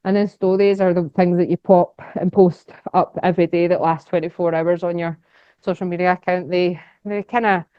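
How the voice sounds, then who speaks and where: A woman's voice: lowish voice, smooth, no echo. Scottish woman, young adult, chatty talk, enthusiastic, rambling, dry and muffled recording. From Scotland. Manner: chatty, enthusiastic, rambling with many fillers and laughs. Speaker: guest speaker. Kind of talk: casual conference talk. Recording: dull, dry lecture recording.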